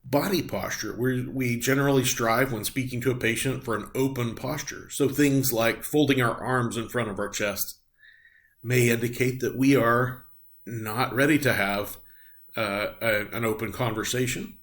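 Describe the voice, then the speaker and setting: A middle-aged man teaching a recorded class on patient communication. His voice sits at an ordinary middle pitch. He explains each point plainly and often pauses on um and uh. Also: fairly bright tone. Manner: explanatory, frequent ums and uhs. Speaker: nursing instructor. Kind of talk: recorded lecture.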